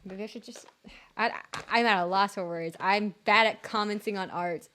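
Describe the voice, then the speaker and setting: A woman's voice: mid-range voice, moderate pace, sharp tone. A young woman streaming live, chatting casually to her viewers in a rambling, giggly, self-deprecating way with lots of fillers.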